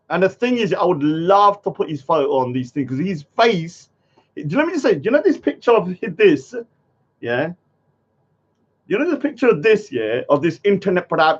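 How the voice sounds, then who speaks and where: A man's voice: a little high, lo-fi sound. A man ranting heatedly on a live stream, swearing and asking yeah after many lines. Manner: heated, swearing, keeps saying yeah and let me say something.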